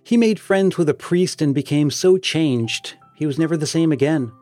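A man voicing an earnest, sentimental elder sister while reading an audiobook, in a gentle manner. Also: on the high side, moderate pace, faint music behind, lightly acted. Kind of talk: read-aloud dialogue in an audiobook.

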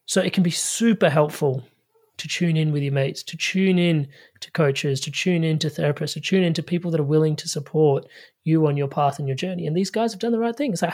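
A man's voice: a little high, fairly quick. A man speaking as a life coach guest on a podcast, telling stories with casual slang and lots of fillers. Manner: energetic, storytelling, spiritual self-help phrasing. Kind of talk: animated podcast conversation.

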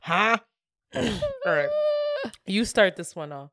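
A woman's voice: lowish voice, expressive, slow, background noise. A woman co-hosting a podcast in casual chat, laughing often as she reads out episode summaries. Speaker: podcast co-host.

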